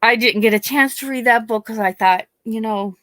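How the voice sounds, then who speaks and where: A woman from Pennsylvania, a YouTuber, chatting casually and telling a story in a rambling, animated way with many restarts. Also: on the high side, normal speed, dry recording. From Scranton, Pennsylvania. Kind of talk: casual chat.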